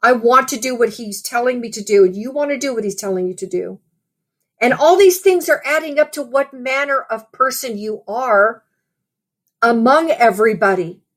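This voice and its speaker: A woman's voice: fairly high pitch, expressive, normal speed, a bit bright. A woman preaching a sermon in a conversational, storytelling way, often saying "you know".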